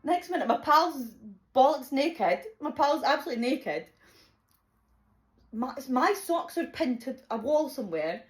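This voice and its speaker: A young woman telling a chaotic personal story, animated and swearing freely, laughing often. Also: high voice, unhurried. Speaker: vlogger. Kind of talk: casual storytime.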